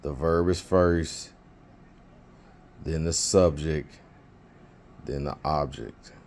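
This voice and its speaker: A man's voice: very deep voice, drawn-out words, darkish tone, a little hiss or hum. A man teaching biblical Hebrew in an informal lesson, thinking aloud with fillers and restarts.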